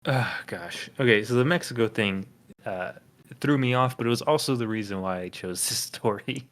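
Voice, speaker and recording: A man's voice: mid-range voice, normal speed, a bit bright. A man co-hosting a casual comedic podcast, reading listener comments aloud and chuckling often. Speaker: podcast co-host.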